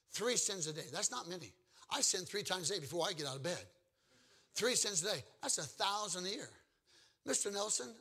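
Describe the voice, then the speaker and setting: A man preaching to his congregation, his voice pitched high and ringing bright. He keeps asking the people in the pews questions and spins down-home stories to drive each point home. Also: creaky. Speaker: pastor. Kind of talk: evangelistic sermon with audience call-and-response.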